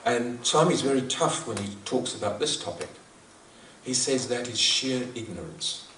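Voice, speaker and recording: A man gives a reflective spiritual talk in an earnest, thoughtful way, often restarting and repeating his phrases. His voice sits at a middle pitch. It is picked up from some distance in an echoey hall, with faint noise behind it. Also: expressive, normal speed, a bit bright. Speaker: speaker at a devotional gathering. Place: large hall at a celebration.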